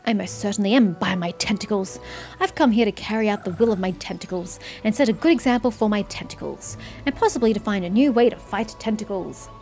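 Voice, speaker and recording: A woman's voice: medium pitch, a little fast, darkish tone, faint music behind, close to an everyday voice. A woman voicing an earnest, stiffly formal male knight with courtly speech.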